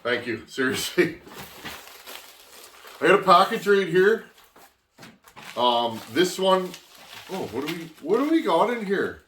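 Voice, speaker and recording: A man's voice: high voice, sing-song, slow, long pauses, a bit bright, reverberant, recorded from a distance, a little hiss or hum. A Canadian man hosting a chainsaw channel, chatting casually to viewers as friends while he opens packages, with rambling restarts. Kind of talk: casual vlog, opening mail.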